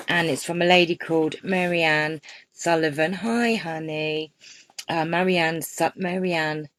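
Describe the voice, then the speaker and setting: A woman's voice: deep voice, slight background noise. A woman hosting a casual crafting live stream, chatty and gushing, greeting viewers by name as she unboxes gifts. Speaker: crafting channel host.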